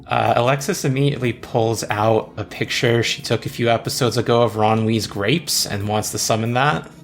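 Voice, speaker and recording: A man's voice: mid-range voice, normal speed. A man playing a tabletop role-play game, easygoing and matter-of-fact. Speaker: player.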